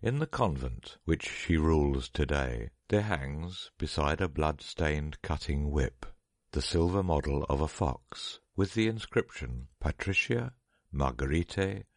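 A man reading a story aloud in a measured, dramatic narration. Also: a bass voice, animated, a little mellow, no room sound, studio quality.

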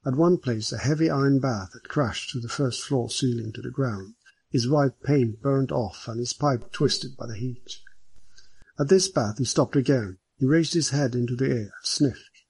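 A man narrating an audiobook in a steady, measured way. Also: mid-range voice, creaky, husky, dry recording, poor audio.

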